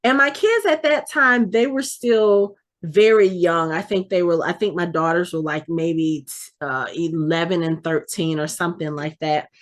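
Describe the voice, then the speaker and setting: A middle-aged woman, co-hosting a podcast and telling a long casual story in a chatty, animated way, often restarting and correcting herself. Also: fairly low pitch, measured pace. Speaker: podcast co-host.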